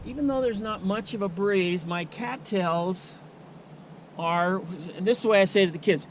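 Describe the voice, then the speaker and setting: Slow-talking man teaching outdoors. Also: high-pitched, slight background noise. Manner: unhurried, thinking aloud with many fillers. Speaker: nature educator. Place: outdoors at a wildlife refuge.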